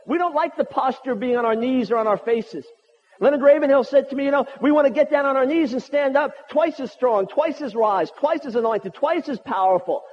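High-voiced preacher in a reverberant hall. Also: male voice. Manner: impassioned, rhetorical, building repetitions. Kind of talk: sermon. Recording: muffled audio with long hall reverb.

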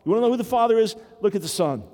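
High-voiced older man preaching. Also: expressive, rapid-fire, warm tone, in a large hall. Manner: earnest, with wry humor and acted-out quotes. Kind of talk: sermon teaching.

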